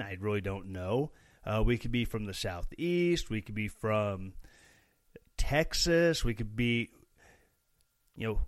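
A man's voice: medium pitch, lively intonation, slow, no room sound. Young guy from missouri rambling on his podcast, jokey and sarcastic, dry close sound. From Missouri, USA. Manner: rambling, joking, sarcastic asides. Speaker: podcast host. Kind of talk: casual solo podcast talk.

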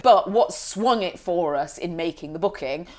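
A woman's voice: lowish voice, animated, normal speed, darkish tone. A woman co-hosting a podcast in casual, self-mocking chat, often giggling. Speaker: podcast co-host.

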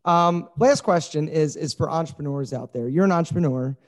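A man's voice: a little high, fairly quick. A man hosting a podcast, asking questions in a loose, casual way and swearing freely. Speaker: podcast host. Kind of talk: casual interview chat.

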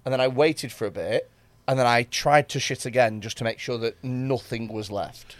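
A man's voice: mid-range voice, moderate pace, no room sound. Man, rambling storyteller, repeats himself, dry close mic. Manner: rambling, repeats words, laughs mid-story. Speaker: guest comedian. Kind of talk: casual storytelling.

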